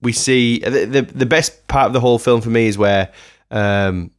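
A man's voice: mid-range voice, normal speed. A man co-hosting a casual film podcast, telling stories chattily. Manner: chatty, animated storytelling. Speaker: podcast co-host. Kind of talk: casual film review chat.

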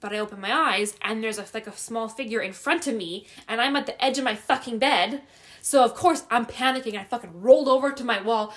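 Young woman, casual chat, animated storytelling, heavy swearing, frequent laughs. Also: on the high side, brisk.

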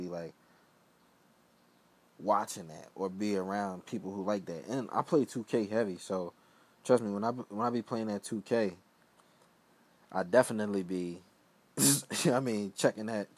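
A man's voice: on the low side, darkish tone. A young man, hosting his own show in a loose, rambling solo talk that keeps trailing off into mumbled asides. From Philadelphia. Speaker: podcast host. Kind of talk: casual solo monologue.

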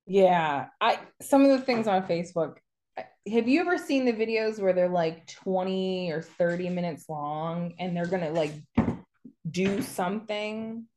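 A woman's voice: on the low side, unhurried. Rambling, chatty woman podcast co-host. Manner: rambling, animated storytelling with mocking quotes. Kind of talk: casual chat.

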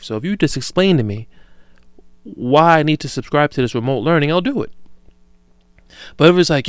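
Podcast host, thirties, male; smooth, dry close-mic sound; profane storyteller who acts out both sides of a conversation. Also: mid-range voice, no room sound. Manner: profane, animated storytelling with imagined dialogue; grows loud and heated when worked up. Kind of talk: solo rambling podcast talk.

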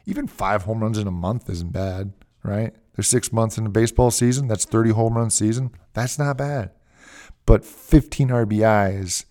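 A man's voice: on the low side, warm tone. A man hosting a podcast, talking casually and rambling at length, often restarting his sentences mid-phrase. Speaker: podcast host. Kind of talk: casual fantasy baseball podcast talk.

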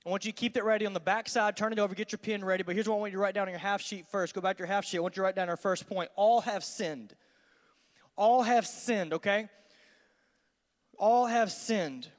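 A man, a student pastor giving an energetic, conversational youth sermon in a large church hall. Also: high-pitched, rapid-fire, few pauses. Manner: energetic, conversational, acts out dialogues. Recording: long hall reverb.

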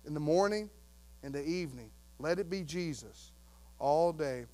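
A male pastor preaching a sermon, telling a story with acted-out voices and dropping to hushed, earnest tones. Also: fairly high pitch, animated, normal speed.

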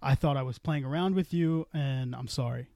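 A man's voice: medium pitch, moderate pace, gravelly, dark tone, no room sound, studio quality. A man telling a long story on a casual podcast, swearing freely and acting out the dialogue. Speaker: podcast co-host.

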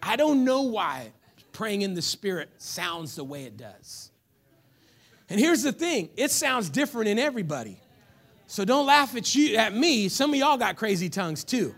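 A man preaching a sermon as pastor, animated and telling stories, now and then rising to a shout. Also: sits high, moderate pace, creaky. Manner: animated, storytelling, breaks into shouts.

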